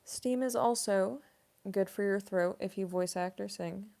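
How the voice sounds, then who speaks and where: A woman's voice: mid-range voice, a little slow, creaky, dark tone. A young woman voice actress chatting casually on a livestream Q&A, rambling with lots of fillers and frequent giggles. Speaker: voice actress streamer.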